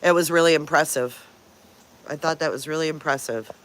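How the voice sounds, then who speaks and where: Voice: medium pitch, fairly quick, fairly bright tone. A livestream host chatting casually over morning coffee, stopping often to greet viewers by name and to coo at pet dogs.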